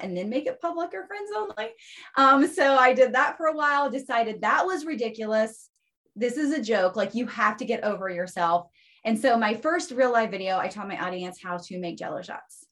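A woman guest in a casual podcast interview, telling stories in an animated way and often tagging her points with "right?". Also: on the high side, normal speed.

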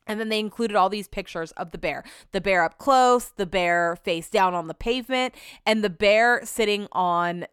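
A woman's voice: medium pitch, normal speed, fairly bright tone, smooth, dry recording, studio quality. A woman hosting her own podcast, rambling casually and swearing freely as she chats about her week. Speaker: podcast host. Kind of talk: casual solo podcast chat.

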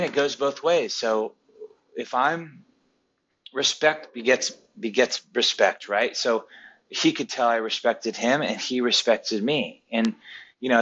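Low-ish guy telling set stories all excited, muffled kinda lo-fi audio. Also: slight background noise. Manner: animated, eager storytelling. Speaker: assistant director, podcast guest. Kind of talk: casual interview chat.

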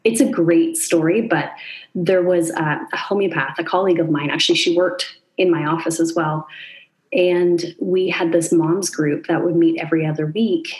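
A woman's voice: lowish voice, steady tone, moderate pace, darkish tone. A woman in her forties, a chiropractor co-hosting a podcast, talking reflectively and thinking aloud. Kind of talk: conversational podcast chat.

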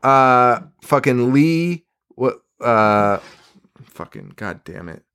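A man's voice: mid-range voice, very animated, takes it slowly, fairly bright tone, smooth. A man co-hosting a podcast in casual chat, sarcastic and swearing freely, often laughing. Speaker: podcast co-host.

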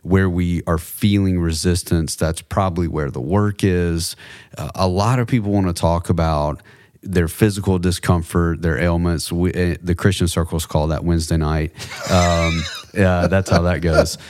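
A man's voice: low voice, steady tone, moderate pace, darkish tone, no room sound, studio quality. A man co-hosting a faith-based podcast, talking reflectively and telling personal stories with light humor. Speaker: podcast co-host.

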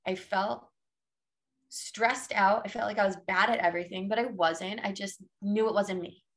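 A woman's voice: mid-range voice, steady tone, moderate pace, a bit bright. Sassy, emphatic woman coach. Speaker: podcast guest, fitness coach. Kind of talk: casual interview chat.

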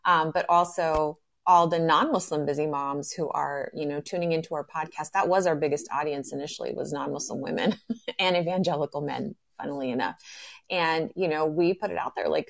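Low gravelly woman hosting a live podcast. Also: steady tone, brisk. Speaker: podcast host. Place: live stage event.

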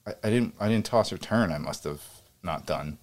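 A man's voice: expressive, normal speed. A man co-hosting a sports podcast, rambling through casual stories and laughing often. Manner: rambling, laughs often, drops low when tired. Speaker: podcast co-host.

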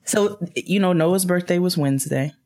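A young adult woman co-hosting a casual podcast chat, telling stories in an animated way. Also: on the low side, moderate pace. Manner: animated storytelling with laughs. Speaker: podcast co-host.

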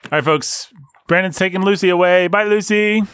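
A playful male podcast host chatting casually with friends, his voice sitting a little high. The sound is dry and close, with no room echo. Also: moderate pace, a bit bright, clean tone. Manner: playful, rattles off lists of names.

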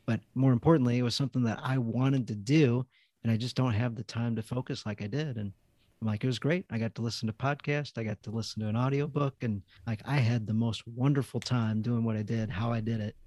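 A man hosting a podcast, telling stories in a lively, friendly conversational way. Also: mid-range voice, a little fast, no echo. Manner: lively storytelling. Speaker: podcast host. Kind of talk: casual chat.

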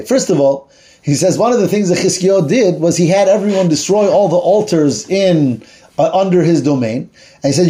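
Male teacher, high and mellow voice, chatty Bible storytelling, searches aloud for words. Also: expressive, brisk. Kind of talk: retelling a Bible story in a class.

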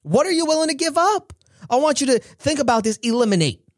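A man from New York giving an earnest, preachy motivational talk with frequent laughs. His voice sits high, and the recording is dry and close. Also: very animated, quick pace, dry recording. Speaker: podcast host, motivational speaker.

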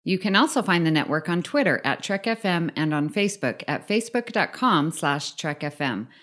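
A woman co-hosting a podcast, chatting in an animated, lively way. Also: lowish voice, moderate pace. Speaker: podcast co-host. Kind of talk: casual podcast chat.

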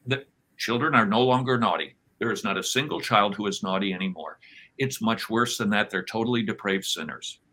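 Forceful low-voiced man teaching with conviction. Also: fairly quick, low-quality recording. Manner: emphatic, animated, acts out quoted voices. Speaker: podcast guest, author. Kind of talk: conversational interview, sermon-like teaching.

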